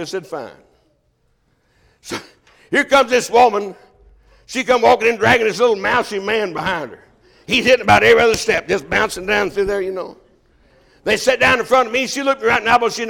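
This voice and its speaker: Gravelly folksy older preacher man. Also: sits high, a little fast, a bit bright. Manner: folksy, joking preaching with laughs. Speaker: pastor. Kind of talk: sermon.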